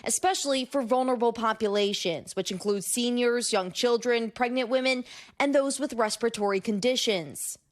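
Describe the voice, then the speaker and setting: Female field correspondent, higher voice, steady scripted read, outdoor live shot. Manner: measured, scripted delivery. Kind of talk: news field report. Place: outdoors by a river.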